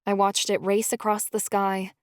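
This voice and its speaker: A woman's voice: mid-range voice, little pitch movement, moderate pace, no echo, studio quality. A woman reading a first-person novel aloud as an audiobook narrator, in a storytelling delivery.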